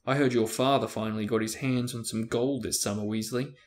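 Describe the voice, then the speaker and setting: A man's voice: medium pitch, fairly even intonation, brisk, a little mellow, lightly acted. A man reading aloud, voicing a sneering teenage boy bully with a lazy, mocking drawl.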